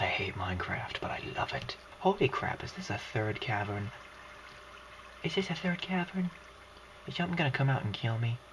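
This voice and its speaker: A man commentating a video game at home, excitable and swearing, switching between shouts and a hushed whisper-yell. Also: medium pitch, a little hiss or hum, low-quality recording. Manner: swears and jokes to himself. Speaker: gaming commentator. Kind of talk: let's play commentary. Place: home while others sleep.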